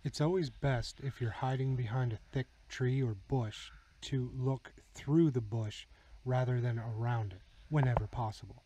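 A man hosting his own channel, giving calm instructional voice-over commentary on game footage and chuckling now and then. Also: medium pitch, moderate pace, slight background noise, rough recording. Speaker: channel host.

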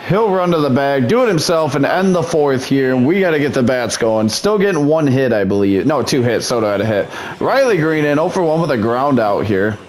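With lively intonation and a fairly quick delivery, a man at medium pitch does mock broadcaster commentary over his own game. The gaming YouTuber drops into muttered frustration between his calls.

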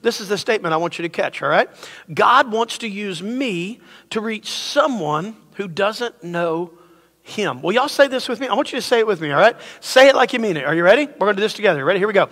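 A middle-aged male pastor with a drawl preaches a casual, joking sermon in a church sanctuary and leads his congregation in call-and-response. His voice is high-pitched, expressive, brisk, and a bit bright, with long hall reverb on the recording.

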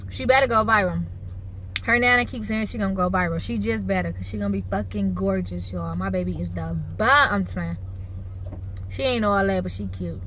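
A woman in her twenties chatting playfully and loudly to viewers from a car. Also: medium pitch, slight background noise, low-quality recording. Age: 20s. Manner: loud, playful, talks straight to viewers. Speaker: vlogger, mother. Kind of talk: casual car vlog chat. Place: in a car at a gas station.

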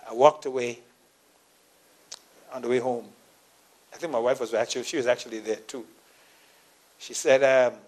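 A man preaches a sermon in his church, his voice sitting in an everyday middle register. He tells a personal story, playing out the dialogue himself and sometimes laughing at it. He drops into quiet, intimate asides, then rises into loud, emphatic preaching. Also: medium pitch, steady tone, normal speed, pauses often. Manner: storytelling, acting out his own quoted dialogue. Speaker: pastor.

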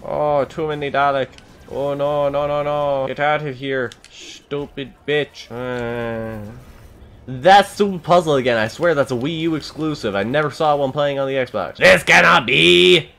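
A young man giving let's-play commentary, excitable and complaining loudly at the game. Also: mid-range voice, a little slow, clean tone. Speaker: gameplay streamer.

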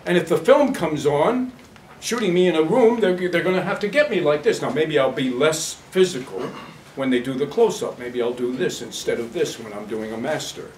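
A man's voice: on the high side, animated, moderate pace, darkish tone, slight background noise. A man leading an acting workshop for a class, blunt and demonstrative, laughing often as he talks. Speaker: acting teacher. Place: workshop room with a live class. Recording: echoey room, mic far off.

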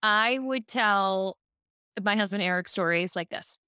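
A woman's voice: mid-range voice, a little slow, clear, resonant tone, no room sound, clean studio sound. A woman from Baltimore, a speaking coach, telling stories in a casual podcast interview and acting out quotes. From Baltimore, USA. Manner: animated storytelling, acts out quotes.

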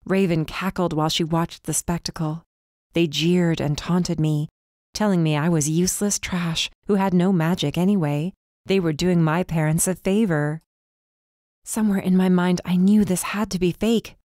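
A woman reading a first-person dark fantasy story as audiobook narrator, with tense, urgent delivery. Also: on the low side, fairly even intonation, normal speed, no room sound, studio quality.

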